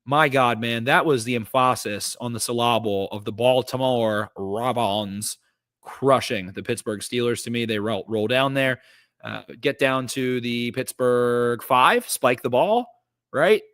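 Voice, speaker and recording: A man talks through football plays with eager energy and plenty of "uh"s. His voice sits at an ordinary middle pitch. The studio recording is dry and close. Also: unhurried, no echo. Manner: energetic, recaps plays with lots of fillers. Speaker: podcast host. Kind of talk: casual football breakdown.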